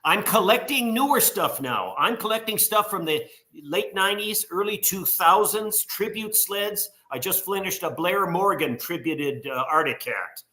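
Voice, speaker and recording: A man answering as a podcast guest, relaxed and hesitant, often repeating words. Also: high-pitched, measured pace, hardly any pauses. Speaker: guest collector. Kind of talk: casual interview answers.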